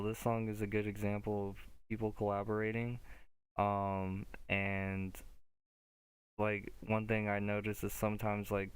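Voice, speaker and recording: Flat-voiced laid-back man reviewing music. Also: lowish voice, smooth, low-quality recording. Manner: laid-back, slangy, many "like" fillers. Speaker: music review show host. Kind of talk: casual music critique on a livestream.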